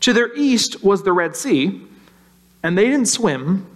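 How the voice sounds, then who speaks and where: A man preaching a sermon in a conversational way, slowing down to stress key lines and briefly acting out anxious voices. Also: sits high, sing-song. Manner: conversational, acts out worried voices, slows for emphasis. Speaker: pastor.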